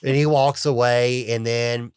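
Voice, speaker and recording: A man talking casually on a podcast, retelling film scenes with animated energy and slipping into the characters' voices. He swears freely, and the recording is dry and close with no room sound. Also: mid-range voice, unhurried, clear, resonant tone, no echo. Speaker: podcast guest.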